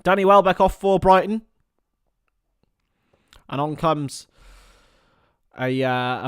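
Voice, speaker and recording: A young man giving partisan live commentary on a football match for a fan watchalong, chatting casually between the action and getting loud at chances. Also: a little high, slow, pauses often, clean tone, no echo, clean studio sound. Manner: partisan, rises to excited shouts at chances.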